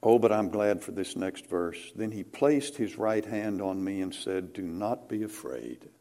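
A man preaching a sermon, dramatic, rising to loud climaxes and dropping to hushed near-whispers, with slow, emphatic phrasing. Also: fairly low pitch, fairly even intonation.

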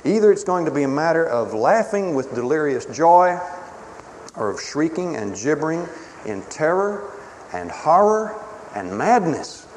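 A man preaching a sermon in a dramatic, emphatic way, swinging between booming declarations and hushed pleas. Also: very animated, moderate pace. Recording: reverberant hall with faint ambient noise.

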